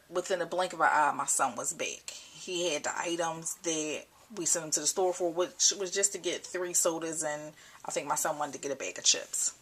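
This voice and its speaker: A young mother talking to the camera at home, emotional and choked up, halting and repeating herself. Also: sits low, a bit bright. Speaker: mother vlogger. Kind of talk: personal vlog talk. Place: at home indoors. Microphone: camcorder built-in mic.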